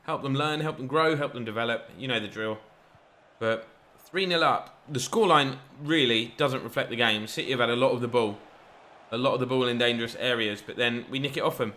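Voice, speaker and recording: A man giving chatty, excitable play-by-play commentary over a football video game. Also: medium pitch, fairly quick. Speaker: gaming YouTuber.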